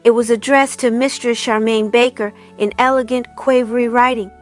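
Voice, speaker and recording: A woman narrating a storybook aloud in a calm, even storytelling manner. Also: on the high side, moderate pace, faint music behind. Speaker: reader. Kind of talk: audiobook narration.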